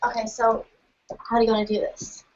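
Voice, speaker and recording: A woman speaking in a flat, practical way, heard off to the side of someone else's microphone. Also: a little high, fairly quick, highs cut off, a little hiss or hum.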